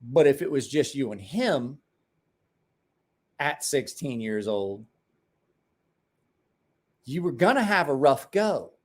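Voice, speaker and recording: A tired Ohio man in his forties hosts a late-night livestream, spinning rambling, profane, folksy stories and acting out the quotes. His voice is medium-pitched with big swings in pitch, and he takes his time, pausing often.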